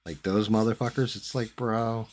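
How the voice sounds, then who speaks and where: Middle-aged guy, low husky voice, swears a lot, rambly hobby chat. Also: normal speed. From New Jersey. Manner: profane, rambling storytelling. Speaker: hobbyist host. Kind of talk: casual chat while working.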